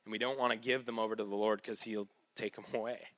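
A man's voice: on the low side, level tone, fast, fairly bright tone, dry recording. Dry-voiced man preaching casually. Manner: casual, conversational, with light laughs and asides. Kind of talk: sermon with scripture reading.

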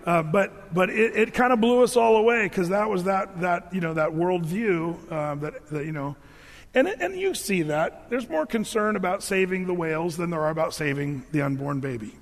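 A man's voice: high voice, moderate pace. A middle-aged man, a pastor, teaching a Bible passage verse by verse in a conversational, emphatic way, often restarting his words. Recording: long hall reverb.

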